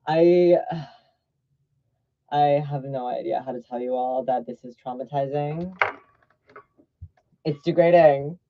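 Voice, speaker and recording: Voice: mid-range voice, slow, pauses often, lo-fi sound. A drag performer delivering a blunt, sassy vlog rant, swearing freely and drifting off mid-thought. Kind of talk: ranting vlog monologue.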